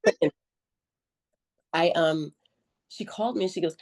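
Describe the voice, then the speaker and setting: A middle-aged woman as a podcast guest, telling her story in a lively, joking, colloquial way and acting out her own quotes. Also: lowish voice, moderate pace, pauses often. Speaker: podcast guest, army veteran nurse. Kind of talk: conversational interview storytelling.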